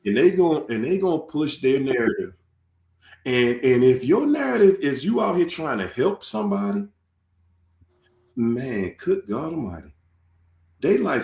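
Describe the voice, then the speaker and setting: A man hosting his channel in casual chat, animated and swearing freely, acting out quoted tirades. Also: mid-range voice, a little slow, creaky, long pauses, echoey room. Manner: animated, swears, acts out quoted rants loudly. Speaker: channel host.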